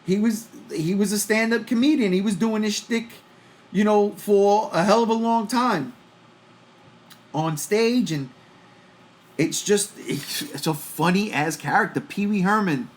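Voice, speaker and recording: A man in his forties hosting a casual pop-culture podcast, telling stories in a loose, profane, animated way. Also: sits high, a little slow. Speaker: podcast host.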